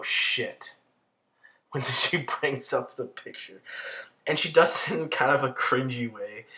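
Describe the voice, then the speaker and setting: A man's voice: medium pitch, pushed and bright. A man giving a rambling, profane, exasperated commentary rant. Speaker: commentary vlogger. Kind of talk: casual ranting commentary.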